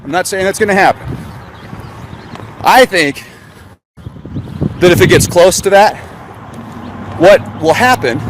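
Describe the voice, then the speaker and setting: A man talks casually while driving, sarcastic and rambling, tossing questions out to his live chat. His voice sits high for a man. Road and wind noise run loudly under everything. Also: expressive, unhurried, long pauses. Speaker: live-stream host. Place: in a car on the road. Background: car and wind noise.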